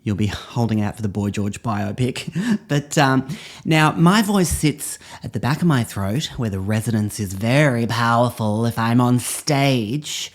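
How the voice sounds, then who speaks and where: A man's voice: medium pitch, expressive, measured pace. A middle-aged man with an Australian accent, playing a drama teacher in a scripted comedy monologue, with a theatrical, pompous, affected delivery.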